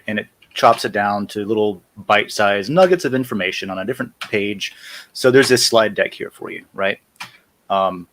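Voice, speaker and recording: A man with a fairly low voice hosts a casual live stream. He talks viewers through a software demo, loose and chatty, and stops to fix his own windows and wording as he goes. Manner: casual, self-correcting while clicking through screens. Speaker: host.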